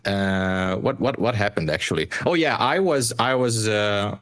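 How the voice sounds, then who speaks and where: Lively low-voiced man hosting a stream. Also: unhurried, dry recording, studio quality. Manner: upbeat joking, rambling with fillers. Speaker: livestream host. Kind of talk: casual livestream chat.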